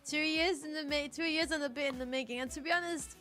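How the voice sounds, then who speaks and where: A woman's voice: sits high, fast, sharp tone, soft background music. A woman chatting on a live stream as a guest, gushing over a gift and laughing through tears. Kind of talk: emotional live-stream chat.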